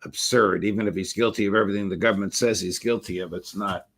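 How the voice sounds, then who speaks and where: A man hosting a political interview show, speaking in a measured way with frequent pauses. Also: fairly low pitch, fairly even intonation, fairly bright tone, breathy edge. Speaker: host.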